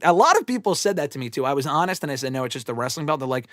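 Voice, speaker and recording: A man's voice: fairly high pitch, big pitch swings, very fast, few pauses, fairly bright tone, dry recording. Rambling, profane man on a dry mic. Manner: rambling, profane, self-deprecating storytelling. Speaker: wrestling show host answering fan questions. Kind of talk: casual livestream chat.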